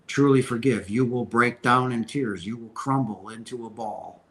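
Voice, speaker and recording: A man's voice: medium pitch, normal speed, fairly bright tone, low-quality recording. A man hosting a casual question-and-answer stream, speaking earnestly and emphatically, often restarting his sentences. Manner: earnest, emphatic spiritual talk with many restarts. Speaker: host answering viewer questions. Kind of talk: casual Q&A livestream.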